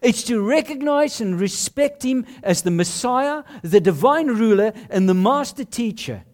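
Preacher, sermon delivery, unhurried and very expressive in pitch, emphatic with rhetorical questions. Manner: measured, punchy short phrases.

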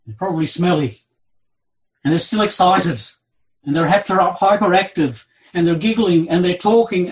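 A man preaching an expository sermon, reading scripture aloud with a dramatic delivery that swings between loud and soft. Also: rough recording. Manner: dramatic, slow delivery with wide swings in pitch and loudness.

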